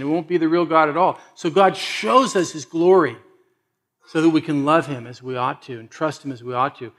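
A male pastor delivering a sermon with a slightly higher voice than most men. He talks animatedly and plays out the quoted voices in a casual, conversational way. His level swings from loud emphasis to near-hushed lines.

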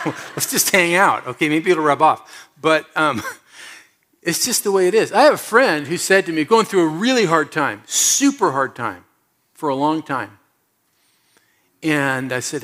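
A middle-aged man preaching a sermon, telling personal stories, moving from loud animated moments to soft low asides. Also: normal speed. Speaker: pastor.

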